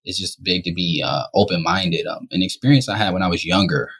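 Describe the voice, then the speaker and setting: A young man from Rochester, New York, guesting on a podcast and telling candid stories in a relaxed, conversational way. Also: sits low, fairly quick, slightly rough. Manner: relaxed, conversational, often says "you know". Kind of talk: candid storytelling.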